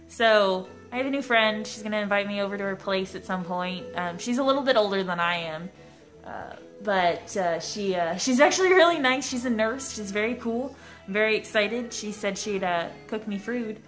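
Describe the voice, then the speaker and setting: A young woman talks to her camera from home in a loose, rambling vlog. She pokes fun at herself as she goes, in a voice of ordinary middle pitch. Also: normal speed, a bit bright, faint music behind. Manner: rambling, self-mocking, chatty. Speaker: vlogger. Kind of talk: casual vlog chat. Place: at home indoors.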